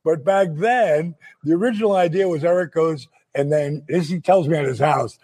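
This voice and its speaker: A man with a husky, rather high voice tells a story on a podcast. He is animated and playful, acting out the other people in the story and breaking into laughter as he goes. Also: normal speed, hardly any pauses. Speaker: podcast host. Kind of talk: casual storytelling chat.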